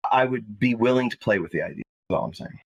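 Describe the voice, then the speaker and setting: A man in a casual podcast chat who rambles with halting restarts. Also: medium pitch, slightly rough, lo-fi sound.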